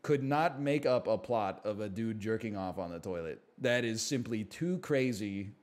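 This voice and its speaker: A man's voice: on the low side, lively intonation, normal speed, darkish tone. A man streaming live, chatting casually in a sarcastic, mock-outraged way that swings into ranting.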